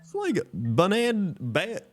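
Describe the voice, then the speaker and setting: Lively laughing male streamer. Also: high-pitched, slow. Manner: animated, laughing, reading out usernames. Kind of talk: casual live-stream chat.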